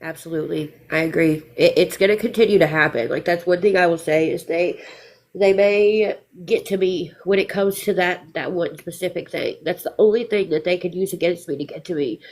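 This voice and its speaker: A woman's voice: on the low side, brisk. A woman hosting a phone livestream, emotional and close to tears but defiant. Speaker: livestream host. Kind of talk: emotional live chat.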